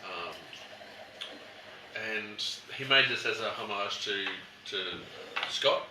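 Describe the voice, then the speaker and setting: A man's voice: fairly low pitch, slow pace. Chatty man in an echoey wine shop. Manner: chatty storyteller, acts out customers. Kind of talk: casual wine tasting chat. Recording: echoey room, mic at a distance, background noise.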